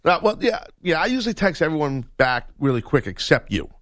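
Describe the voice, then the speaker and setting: Lively joking male radio host. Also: on the high side, brisk. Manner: joking, boastful, playful. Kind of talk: casual sports radio banter. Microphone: studio microphone.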